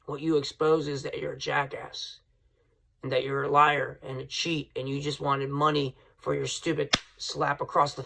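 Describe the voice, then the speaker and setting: A man hosting his own wrestling podcast, ranting heatedly and swinging from loud outbursts to low mutters. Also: creaky. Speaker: podcast host. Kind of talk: casual wrestling podcast rant.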